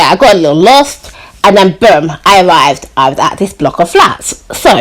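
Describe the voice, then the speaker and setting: A woman YouTuber with a medium-pitched voice tells a personal story on her vlog in a rough recording. She's chatty, full of "you know" and "like," and acts out the people she quotes.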